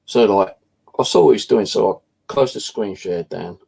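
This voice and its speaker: A man's voice: lowish voice, moderate pace, gravelly, darkish tone, slightly rough, rough recording. A British man telling a story in a casual, blunt way, swearing freely as he talks. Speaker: channel host.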